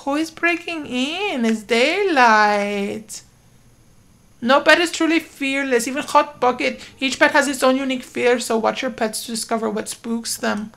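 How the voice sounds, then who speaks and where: A woman giving casual let's-play commentary, excitable and talking to her game characters, with sudden loud outbursts. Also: high voice, unhurried, creaky. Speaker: gaming YouTuber.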